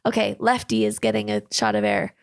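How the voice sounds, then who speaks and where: A woman's voice: mid-range voice, big pitch swings, fairly quick, creaky. A woman co-hosting a podcast, a fitness trainer who earnestly talks listeners through breathing techniques in casual chat.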